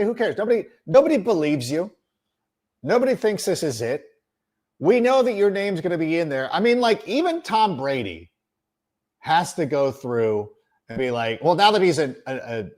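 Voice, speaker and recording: A middle-aged man hosts a sports podcast in an exasperated, sarcastic monologue. His fairly high voice leaps around with lively swings in pitch, and he leans hard on his words for emphasis. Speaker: podcast host. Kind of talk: ranting sports commentary.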